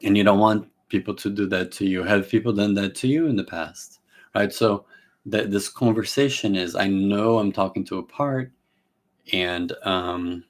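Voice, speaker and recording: A man's voice: on the low side, normal speed. A man giving a live teaching talk on a therapy method, explaining casually with restarts and acting out short client and therapist exchanges. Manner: casual, many fillers and restarts. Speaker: therapy trainer.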